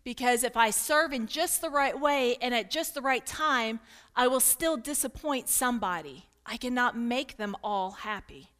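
Earnest Kentucky woman, higher voice. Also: normal speed, a bit bright, clear, resonant tone. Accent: Kentucky with some Northern mix. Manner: earnest and open, with light self-deprecating humor. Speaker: pastor's wife speaking to a women's gathering. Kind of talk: candid teaching talk with audience participation.

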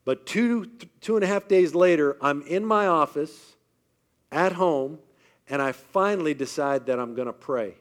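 A man's voice: on the high side, moderate pace. Man giving an emphatic faith talk. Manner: emphatic, questions the audience often. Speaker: speaker addressing a live audience. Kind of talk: faith-based motivational talk.

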